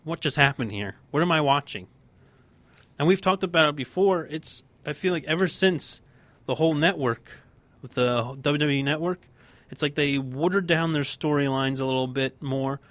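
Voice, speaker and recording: Man, podcast host, heated rant, slightly high voice, dry close mic. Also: fairly even intonation, normal speed, a bit bright, dry recording. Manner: heated, ranting, emphatic. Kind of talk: casual wrestling podcast chat.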